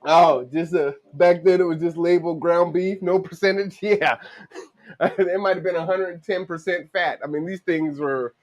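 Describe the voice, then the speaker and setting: A man hosting his own home cooking show from his kitchen, telling stories in a relaxed, chatty way full of slang as he fries food. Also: sits high, normal speed. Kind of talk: casual cooking vlog with stories.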